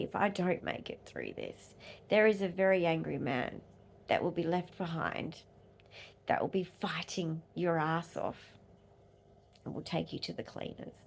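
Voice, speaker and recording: An Australian woman vlogger and advocate in an angry rant, swearing hard and swinging between loud outbursts and low muttering. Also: creaky, a little hiss or hum.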